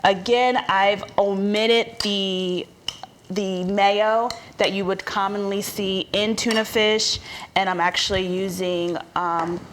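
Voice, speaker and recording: A woman's voice: medium pitch, steady tone, slow, a little hiss or hum. A woman chef giving a cooking demonstration, explaining each step in a chatty, instructive way.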